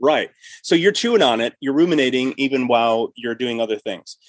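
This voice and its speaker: A middle-aged male podcast host and writer in casual chat, animated and often restarting and repeating himself. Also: mid-range voice, brisk, dry recording.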